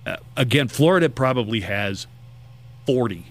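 A man's voice: medium pitch, animated, normal speed. A man hosting a call-in radio talk show, chatting casually and rambling through a list.

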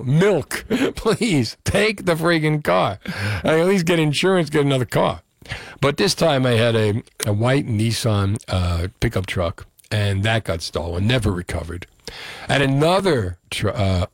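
A man hosting a call-in radio show, telling a story with lively jumps in his voice. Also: no room sound, clean studio sound. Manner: animated storytelling, pitch jumping up when exasperated. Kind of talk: casual call-in radio talk. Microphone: studio microphone.

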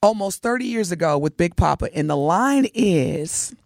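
A woman's voice: lowish voice, expressive, normal speed, vocal fry, darkish tone, no room sound. A woman co-hosting a morning radio show, talking in a casual, teasing and emphatic way from a studio mic. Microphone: studio microphone.

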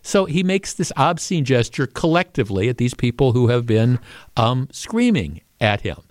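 A man hosting a radio talk show, talking casually with lots of restarts and growing animated as he goes. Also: medium pitch, normal speed, no room sound, studio quality. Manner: conversational, with frequent restarts, and animated when quoting. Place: radio studio. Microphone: studio microphone.

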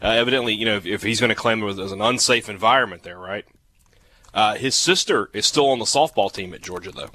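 A man's voice: on the low side, quick pace, pushed and bright. A man co-hosting a sports radio show, chatting in a wry, teasing way. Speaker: radio co-host. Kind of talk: casual sports talk.

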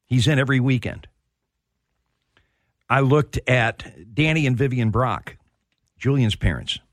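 A man's voice: medium pitch, animated, unhurried, no echo, studio quality. A middle-aged man hosting a sports talk radio show, telling heartfelt stories with plenty of restarts. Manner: heartfelt storytelling.

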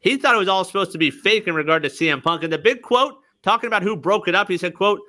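A man hosting a wrestling podcast in casual chat, reading news items with lively, sarcastic remarks. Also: sits high, quick pace, few pauses.

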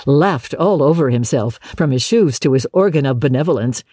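An audiobook narrator giving a measured, expressive storybook reading in a dry studio booth. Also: mid-range voice, breathy edge, no echo.

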